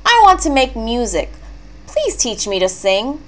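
A woman's voice: high-pitched, sing-song, a little slow, bright, forceful tone, pitched above the performer's own voice, full character voice. Woman doing an eager little boy duck. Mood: earnest. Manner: earnest and pleading. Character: small eager young male duck.

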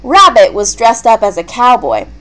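A woman reading a children's picture book aloud in a gentle, expressive storytelling manner. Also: a little high, normal speed, low-quality recording. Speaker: storybook reader.

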